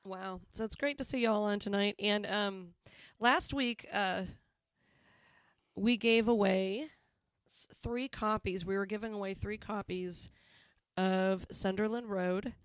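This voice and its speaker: A woman's voice: medium pitch, fairly even intonation, takes it slowly, clean tone, no room sound, studio quality. Chatty Southern woman hosting a live stream. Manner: chatty, teasing, laughs often. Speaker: host of a live music show. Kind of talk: casual live-stream chat.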